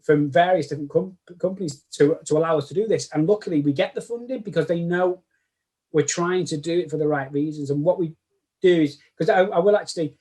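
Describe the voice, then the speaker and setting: A guest cosplayer with a Manchester accent chats casually in an interview, his voice a little high, a little fast, and warm. He rambles, often restarting sentences and correcting himself.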